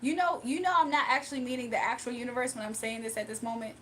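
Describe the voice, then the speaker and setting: A woman chatting casually with her viewers on a livestream, animated and laughing often. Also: fairly high pitch, fast talker, a little hiss or hum.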